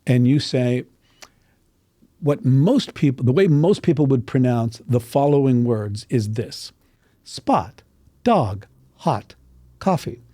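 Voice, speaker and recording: A man's voice: mid-range voice, unhurried, warm tone, dry recording, clean studio sound. A man working as a voice coach, explaining dialect sounds in a casual interview and acting out vowels as he goes. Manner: demonstrates vowel sounds, clears throat often. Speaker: voice coach guest.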